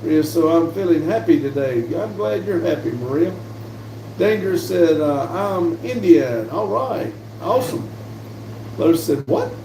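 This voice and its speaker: Man, gravelly mellow voice, casual livestream host reading chat, roomy room, mic set back. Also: on the high side, a little slow, slight background noise. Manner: relaxed, chatty, laughs easily. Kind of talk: casual live stream, reading viewer chat aloud. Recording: roomy sound from a distant mic.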